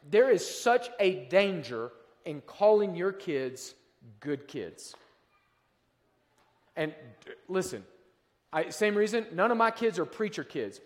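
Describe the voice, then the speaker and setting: A male pastor from the American South preaching a sermon in a conversational way, moving between quiet asides and loud, emphatic peaks, in a church sanctuary. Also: sits high. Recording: long reverb of a large hall.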